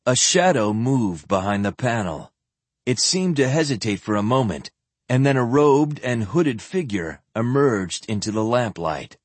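A man narrating a fantasy novel as an audiobook, expressive and acting out the dialogue. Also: medium pitch, dry recording. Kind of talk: scripted narration.

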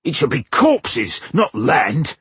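A man voicing a wily, scornful male orc prince who grunts his words, with a husky voice. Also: a little high, wildly swooping pitch, takes it slowly, a bit bright, no echo, pitched above the performer's own voice, full character voice.

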